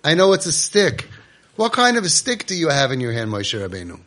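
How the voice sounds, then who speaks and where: A man quoting God, who speaks to Moses in a measured, questioning way, within a sermon. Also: on the high side, huge pitch swings, fairly bright tone.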